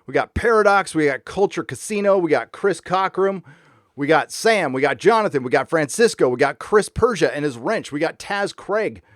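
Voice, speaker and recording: A man hosting a casual live stream, ranting with lots of swearing and reading out viewer messages in a warm room. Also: on the high side, lively intonation, moderate pace, no echo, clean studio sound.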